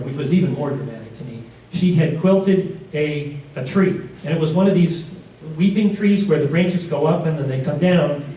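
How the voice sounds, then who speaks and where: A man's voice: fairly high pitch, dark tone, distant mic, slight background noise. Rambling man in a roomy classroom. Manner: rambling, self-correcting storyteller with chuckles. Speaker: community class teacher. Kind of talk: casual classroom talk.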